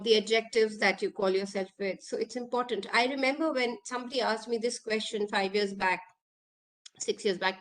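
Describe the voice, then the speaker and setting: This is a woman. She speaks in a fairly high voice over a video call, leading a coaching workshop. She sounds earnest and keeps asking her listeners questions. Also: a bit bright. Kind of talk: online workshop talk.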